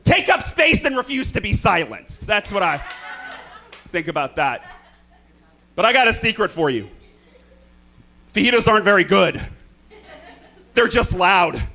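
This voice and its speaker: A man doing campy, theatrical stand-up comedy in a club, throwing quick asides to the crowd. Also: sits high, big pitch swings, sharp tone. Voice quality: slight lisp. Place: comedy club stage with a live audience.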